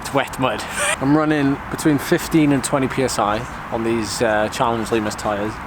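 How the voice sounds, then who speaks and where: A man chatting casually to camera, thinking aloud after a warm-up lap at a muddy outdoor course. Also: mid-range voice, level tone, normal speed. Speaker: vlogger and amateur cyclocross racer. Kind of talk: casual vlog chat to camera. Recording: outdoor recording with clear background noise.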